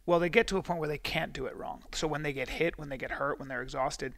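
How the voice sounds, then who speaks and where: Middle-aged man, comedian guest, gravelly, bright, stammering storyteller. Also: on the high side, quick pace, no room sound. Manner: animated, stammering restarts, acts out voices. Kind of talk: casual storytelling chat. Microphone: close podcast mic.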